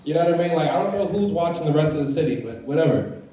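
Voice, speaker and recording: On an open-mic comedy club stage, a first-time stand-up from Southeast Washington, D.C. rambles profanely, full of fillers and restarts. The young man's higher voice is expressive, very fast and mellow, heard from far away in a very echoey room.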